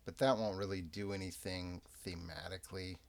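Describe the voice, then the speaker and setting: A man narrating a solo tabletop game as game master, in a relaxed, rambling, self-amused way. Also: deep voice, normal speed. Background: soft background music.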